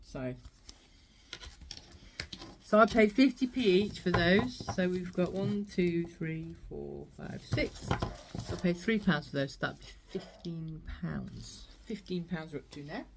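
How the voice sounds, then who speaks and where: Chatty woman, slightly low voice. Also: slow, creaky, background noise. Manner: chatty, rambling, laughs often. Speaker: thrift haul vlogger. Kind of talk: casual chat.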